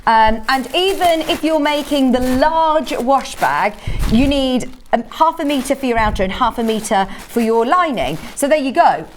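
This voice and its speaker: A woman's voice: high voice, animated, a little slow, slight background noise. A woman hosting a live TV shopping show, chatting upbeat about a craft kit and reading out viewer messages. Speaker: shopping channel presenter. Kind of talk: live TV shopping sales chat.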